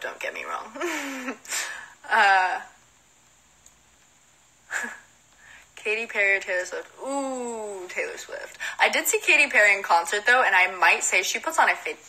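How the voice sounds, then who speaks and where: Young Southern woman, bright voice, chatty and giggly, live Q&A into a phone. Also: medium pitch, rough recording. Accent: Southern American. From Southern United States. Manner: chatty, giggly, reads questions aloud then answers. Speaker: model and musician answering fan questions. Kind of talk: casual livestream Q&A.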